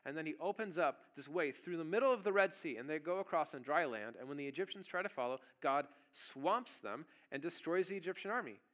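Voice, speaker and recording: A male pastor preaching a sermon in a church, telling the story casually and then breaking into sudden loud bursts. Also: a little high, expressive, fairly quick, hardly any pauses. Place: church sanctuary.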